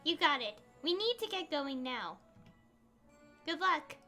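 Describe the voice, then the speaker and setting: High-voiced girl streamer reading game lines out loud, giggly asides, lots of up and down, game music behind. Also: sing-song, measured pace. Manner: chatty, giggly, reads lines aloud with asides. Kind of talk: casual live-stream commentary and reading game dialogue aloud.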